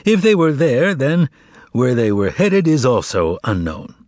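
A man narrating a novel as an audiobook reader, expressive and measured. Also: medium pitch, no echo, studio quality. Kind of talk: scripted literary narration.

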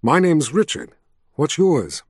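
Narrator doing a joking grown man, lively up-and-down pitch, slightly husky. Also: slow pace, no echo, studio quality, exaggerated voice. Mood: teasing. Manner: joking, bantering, playful. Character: teasing playful grown man, warm with children.

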